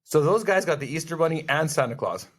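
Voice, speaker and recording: A man's voice: on the high side, expressive. Brief: male podcast co-host, casual banter, jokey and rambling, interrupts a lot. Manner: joking, rambling, quick to interrupt. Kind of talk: casual chat.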